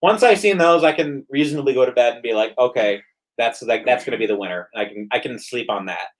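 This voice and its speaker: A man's voice: medium pitch, fast. A man hosting a casual livestream chat while drinking, rambling with stammered restarts. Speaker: stream host.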